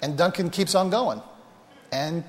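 A man's voice: high voice, a little slow. A man preaching a sermon as pastor, telling personal stories in a conversational, self-deprecating way and speaking straight to the congregation. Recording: reverberant hall sound.

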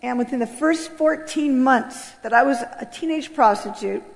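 A middle-aged American woman gives a personal testimony in a fairly high, gravelly voice. She tells her story earnestly, and her voice rises with emotion at the big moments. A long hall reverb trails behind every word. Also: normal speed. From United States. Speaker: speaker giving a testimony.

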